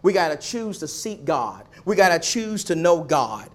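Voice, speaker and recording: A man preaching a sermon to his church, stacking rhetorical questions and repeated phrases, now pressing loud, now dropping soft. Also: a little high, very animated, normal speed. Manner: swings between loud pushes and soft asides.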